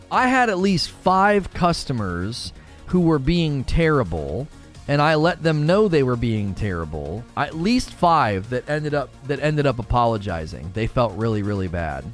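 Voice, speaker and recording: A man's voice: mid-range voice, moderate pace, faint music behind. A man hosting a live gaming talk show, ranting with emphatic opinions. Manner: animated, emphatic opinion rant.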